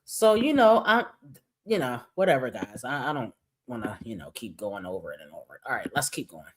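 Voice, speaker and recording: A woman's voice: very deep voice, lively intonation, fast, breathy edge. A woman giving reaction commentary on a livestream, blunt and exasperated, swearing freely as she talks to her chat. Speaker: commentary streamer.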